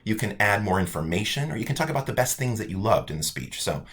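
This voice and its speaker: A male college instructor giving a casual, animated weekly update to his online students. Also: lowish voice, fast. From United States.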